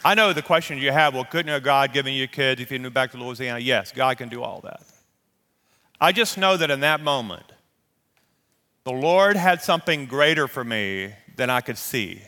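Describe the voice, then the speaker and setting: A man preaching a sermon, telling a personal story in a lively, animated way and acting out the voices of the people in it. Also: mid-range voice, moderate pace. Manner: animated, acts out quoted voices. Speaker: pastor. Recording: long reverb of a large hall.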